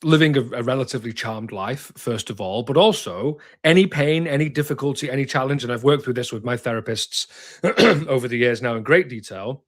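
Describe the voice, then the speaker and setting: A male therapist in his thirties talks candidly in an interview. He is direct and emphatic, restarts his sentences often, and swears now and then without softening it. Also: mid-range voice, brisk, hardly any pauses.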